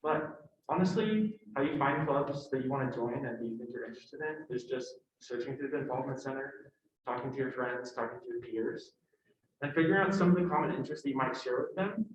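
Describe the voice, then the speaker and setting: A young man, a college sophomore, speaking as a student panelist in a quick, earnest and chatty way. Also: medium pitch, a little hiss or hum. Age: young adult. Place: university event room. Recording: echoey room, dull lo-fi sound.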